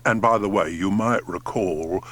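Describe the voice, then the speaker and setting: A man reading an audiobook and voicing a slow, scheming old male tortoise who speaks deliberately. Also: deep voice, a bit bright, pitched below the performer's own voice. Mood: sly, deliberate.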